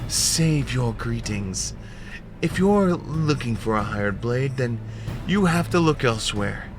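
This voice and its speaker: A man voicing a weary middle-aged sellsword who grumbles slowly through a tired tale. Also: medium pitch, expressive, music in the background. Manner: slow, grumbling, world-weary.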